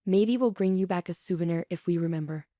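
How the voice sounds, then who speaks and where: A woman's voice: fairly low pitch, fast talker, mellow, no room sound, clean studio sound, close to an everyday voice. A woman reading as a smug scheming mother-in-law. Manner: smug, mocking.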